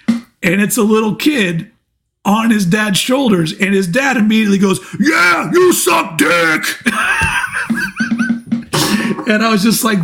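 Casting: man in his 40s, livestream host, loose and profane storyteller, voice sits a bit high. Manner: rambling, profane, storytelling with restarts. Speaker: channel host. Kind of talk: casual livestream Q&A.

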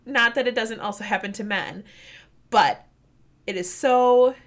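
A woman with a Midwestern accent, chatting casually as a co-host of a book discussion, rambling and animated, swearing and laughing often. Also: fairly high pitch, unhurried. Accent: Midwestern American.

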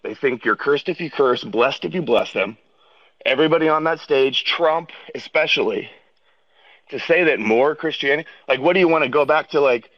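A man's voice: a little high, no room sound, highs cut off. A man out of breath as he walks outdoors, arguing insistently as a debate guest. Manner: insistent, argumentative. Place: outdoors, walking.

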